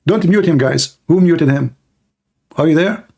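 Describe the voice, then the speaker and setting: A man's voice: a little high, unhurried, gravelly, dark tone. A man hosting a heated online debate, insistent and repetitive, speaking in broken English grammar. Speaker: debate host.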